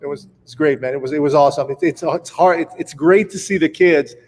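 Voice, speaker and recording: Male guest on a live show, modest, stumbles over words, slightly higher voice, reverberant room. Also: fairly quick, darkish tone. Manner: modest, stammering restarts. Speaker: guest, school administrator. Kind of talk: interview conversation. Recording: long reverb.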